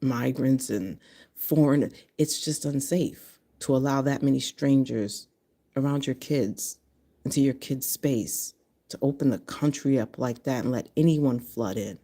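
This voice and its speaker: A woman's voice: very deep voice, gravelly, dark tone. A woman in her fifties from Connecticut, talking bluntly and profanely in a casual monologue to camera. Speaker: vlogger.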